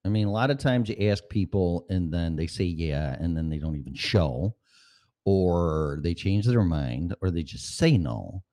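A man's voice: deep voice, animated, measured pace, mellow. Profane, rambling sarcastic man. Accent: Chicago. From Chicago. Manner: profane, sarcastic, jumps between jokes and voices. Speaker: vlogger. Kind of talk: casual rambling monologue.

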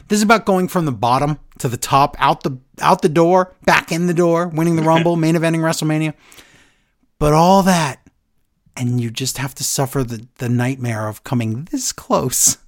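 A podcast co-host with a fairly high-pitched voice animatedly recaps a wrestling segment in casual chat. When he quotes other people, he slips into a flat retelling voice.

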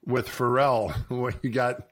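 An easygoing American man co-hosting a podcast at a middle pitch. He tosses in quick asides and laughs along as his partner tells a story. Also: steady tone. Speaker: co-host, public speaker. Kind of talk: casual podcast chat.

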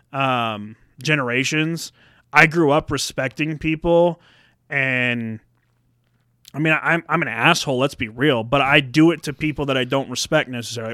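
Young guy ranting on a podcast, bright voice, cursing, acting out who said what. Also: mid-range voice, clean tone, no room sound, clean studio sound. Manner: profane, animated storytelling with acted-out quotes. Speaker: podcast co-host. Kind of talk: casual ranting chat.

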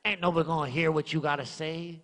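A sneering devil hisses doubts in a low, taunting whisper, as a preacher puts him on. The voice rings out with a long hall echo behind it. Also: male voice, level tone, quick pace, bright, forceful tone.

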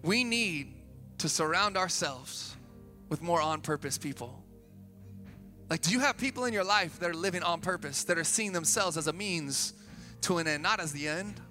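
A pastor from Sacramento preaching a sermon, energetic, building to emphatic peaks with casual asides, in a church auditorium. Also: male voice, a little high, normal speed. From Sacramento, California. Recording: long hall reverb with faint music.

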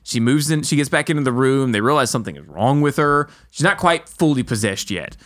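A man co-hosting a casual podcast, rambling through retellings with frequent restarts and quick self-corrections. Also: mid-range voice, expressive. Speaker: podcast host. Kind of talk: casual chat about a horror film.

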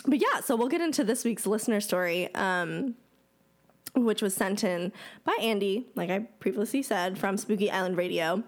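A woman co-hosting a spooky podcast, talking loosely and warmly about other shows. Her speech is dotted with "like" and "um", and she shifts into reading a listener's letter aloud. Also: mid-range voice, animated, normal speed. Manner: chatty, laughs often, says "like" and "um". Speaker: podcast co-host. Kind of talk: casual podcast chat and reading a listener story.

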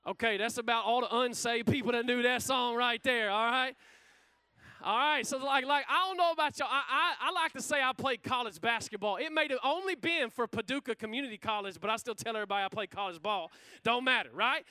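Fervent high-voiced pastor preaching. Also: male voice, brisk, bright, forceful tone, smooth, no room sound. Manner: fervent, calls out to the congregation. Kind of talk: sermon. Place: church sanctuary.

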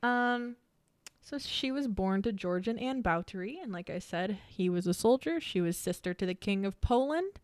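A woman's voice: medium pitch, expressive, normal speed, dry recording. Young woman, podcast co-host, chatty and loose, dry close-miked sound. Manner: chatty, laughing, rambling storyteller. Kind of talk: casual chat.

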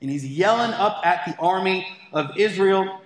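A man's voice: high-pitched, moderate pace. A man preaching a sermon as pastor, talking conversationally with playful asides. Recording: echoey hall with long reverb.

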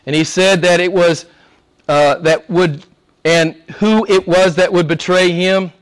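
This pastor's voice sits high, with a steady, clear, resonant tone, and he talks a little slowly. Preaching to his church during a service, he's emphatic, repeats phrases often, and keeps asking the congregation "right?"

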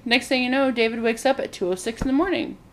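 A woman's voice: fairly high pitch, steady tone, quick pace, fairly bright tone. A woman in casual chat, animatedly retelling a movie plot and acting out the characters' lines, with frequent "like".

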